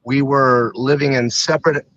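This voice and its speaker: A man's voice: medium pitch, fairly even intonation, normal speed, fairly bright tone, dry recording, dull audio. A man, a retired fighter, talking candidly as a podcast guest, stopping and restarting often with many fillers. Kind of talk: candid personal storytelling.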